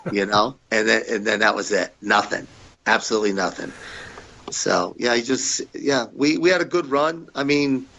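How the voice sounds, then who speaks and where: Podcast guest: man, low and punchy voice, rambling, repeats himself. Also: fairly even intonation, normal speed, fairly bright tone, poor audio. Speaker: podcast guest, former wrestler. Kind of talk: casual storytelling interview.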